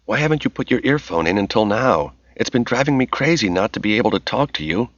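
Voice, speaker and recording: A man's voice: lowish voice, expressive, quick pace, no echo, voice pushed up. A man voicing an anxious, bossy woman. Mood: anxious scolding. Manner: irritable, anxious, snapping. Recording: slightly dull dry recording.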